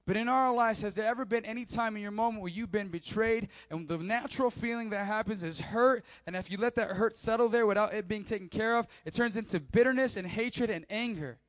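A man with a fairly high voice preaches a sermon to his church, animated and emphatic. He drops to hushed asides and then climbs back to loud, driving lines. His voice sounds dry and close, with little room sound. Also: a little fast, hardly any pauses, no echo. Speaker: pastor. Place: church service.

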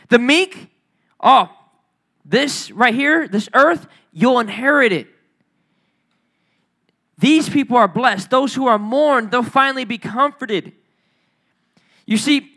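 High, bright-voiced man preaching playfully. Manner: playful, joking with the audience by name; call-and-response prompts. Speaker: youth pastor. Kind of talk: casual sermon to a youth group. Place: church room.

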